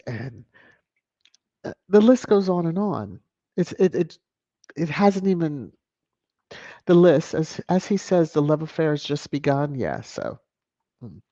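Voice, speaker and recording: A woman's voice: low voice, warm tone, no echo. A woman hosting a celebrity news commentary vlog, sassy and emphatic, repeating phrases for effect. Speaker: vlog host. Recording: dry, dull lo-fi sound.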